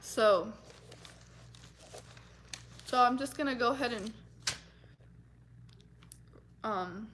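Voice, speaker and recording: A woman's voice: fairly high pitch, slow pace, fairly bright tone, slight background noise. A woman vlogger talking earnestly and from the heart about her feelings, with many fillers and restarts. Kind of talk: personal talk to camera.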